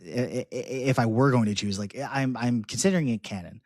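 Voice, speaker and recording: A man co-hosting a podcast in casual chat, talking in halting bursts with frequent restarts. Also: mid-range voice, darkish tone, no room sound, clean studio sound. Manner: halting, many restarts and fillers. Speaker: podcast co-host.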